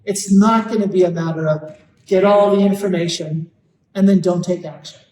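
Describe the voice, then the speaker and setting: His voice is fairly high, darkish and fairly even in intonation as this Catholic parenting speaker addresses parents live. Earnest, he leans on key points and draws them out slowly, slightly off-mic in a big echoing hall with faint room murmur.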